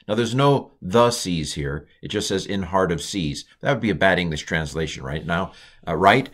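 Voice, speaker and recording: Low-voiced man teaching a casual lesson. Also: animated, fairly bright tone. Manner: casual, thinking aloud with many fillers and restarts; slows and stretches words when pronouncing Hebrew. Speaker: Hebrew teacher. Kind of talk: informal recorded language lesson.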